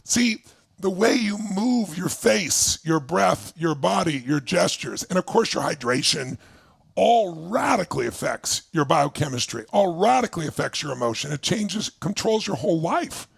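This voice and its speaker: A man leading an energetic motivational coaching session for an online audience, firing off questions and swinging between loud bursts and low, quiet stretches. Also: creaky, slightly rough, no echo, studio quality. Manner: emphatic, leads exercises with rapid questions, swings from loud to low. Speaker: motivational speaker. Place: indoors, streaming to a video call audience.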